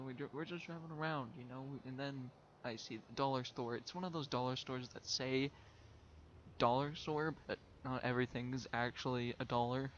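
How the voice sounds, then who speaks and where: A man's voice: medium pitch, background noise. A young man, a vlogger, telling a story in a casual way and laughing often as he talks.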